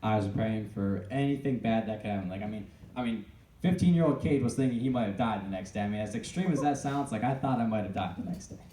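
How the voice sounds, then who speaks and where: A young man giving an earnest personal testimony to an audience, halting and often restarting his sentences. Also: on the low side, mellow, a little hiss or hum. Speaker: speaker telling his own story. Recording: echoey room, voice picked up from a distance.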